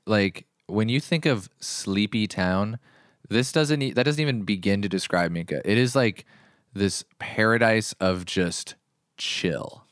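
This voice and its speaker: A man's voice: fairly low pitch, unhurried, dry recording, studio quality. A man co-hosting a podcast, joking and chatting casually, with some swearing. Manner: jokey, animated, casual swearing. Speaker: podcast co-host. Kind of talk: casual travel chat.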